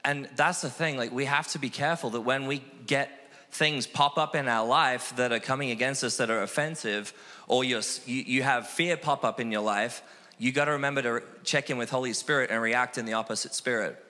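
A man from Australia, a missionary guest telling animated, self-deprecating stories in a casual interview. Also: mid-range voice, brisk. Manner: animated, acts out quoted voices, self-deprecating. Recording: long hall reverb.

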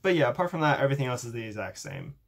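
Young male YouTuber, casual upbeat demo voice, self-deprecating, mid-range pitch. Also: big pitch swings, racing, vocal fry. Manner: chatty, upbeat, self-deprecating, filler-heavy. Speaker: YouTuber demonstrating a coding project. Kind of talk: casual tech demo vlog.

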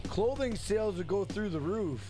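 An excitable man streaming a game, cursing loudly at what happens on screen and joking with his chat in a high, animated voice that swings up and down. Game music keeps playing behind him. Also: normal speed. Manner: excitable, profane, loud outbursts; banters with chat and greets viewers. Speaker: gaming streamer. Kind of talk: live gameplay stream commentary.

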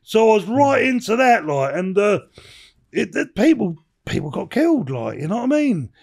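A man's voice: sits high, sing-song, moderate pace, vocal fry, breathy edge. A man in his sixties telling rambling stories as a podcast guest, swearing and dropping "you know what I mean" throughout. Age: 60s. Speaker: podcast guest, former bare-knuckle boxer. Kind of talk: casual interview storytelling.

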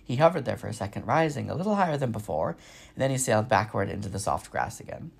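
A man reading a children's novel aloud with expressive storytelling. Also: fairly low pitch, fast talker, vocal fry, slightly rough. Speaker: reader.

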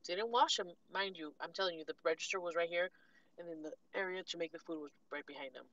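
Sassy, bright-voiced woman vlogger. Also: on the low side, fast, muffled recording. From California. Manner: animated, sassy storytelling with acted-out quotes. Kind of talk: casual storytime while eating.

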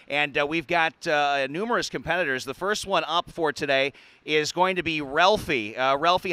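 Bright clear-voiced guy hosting a sports show, jokey play-by-play, laughs a lot. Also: a little high, no room sound. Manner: playful, chatty, laughs often. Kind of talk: joking play-by-play commentary. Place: indoor arena.

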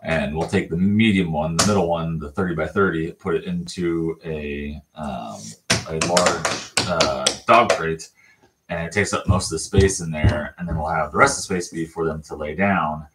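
Very noisy audio carries an extremely low, fairly even male voice at moderate pace. He runs a casual livestream from his indoor puppy pen, explaining care loosely, stumbling through fillers and restarts, and cooing baby talk at the puppies.

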